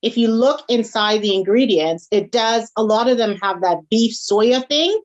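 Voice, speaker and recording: A woman's voice: a little high, moderate pace, highs cut off. A woman from a Caribbean background, telling stories in a casual interview and often checking in with "right?". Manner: animated storyteller, frequent "right?" and "you got it". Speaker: guest, small food business owner.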